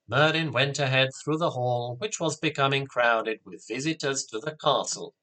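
Man, storybook narrator, steady, clear reading, bright timbre. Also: mid-range voice, normal speed, hardly any pauses.

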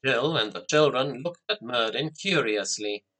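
A man narrating a children's story in a steady, clear reading voice. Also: mid-range voice, unhurried.

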